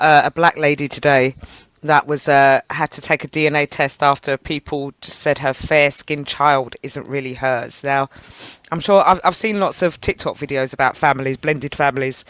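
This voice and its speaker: A woman co-hosting a radio show, telling stories in an animated, chatty way. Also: low-pitched, no room sound. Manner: animated, chatty storytelling with laughs. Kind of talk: casual radio chat. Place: radio studio.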